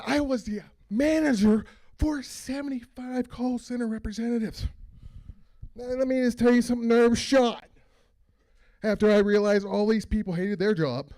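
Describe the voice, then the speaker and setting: Man, stand-up comic, high voice, gravelly, rambling, exasperated outbursts. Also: warm tone. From Philadelphia. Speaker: stand-up comedian. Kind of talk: open mic stand-up set. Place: small open mic venue.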